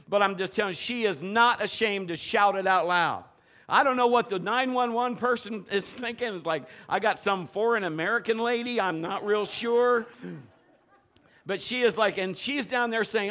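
A middle-aged man preaching, telling a story with lots of animation and acting out every voice and sound in it. His voice is forceful and bright, and it sits a little higher than most men's. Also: expressive, normal speed. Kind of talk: dramatic sermon storytelling.

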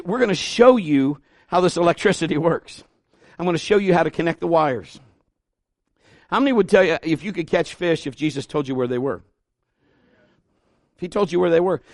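A man's voice: on the high side, dry recording, studio quality. A man preaching a sermon as pastor in a folksy, conversational way, his voice now and then rising into emphatic bursts.

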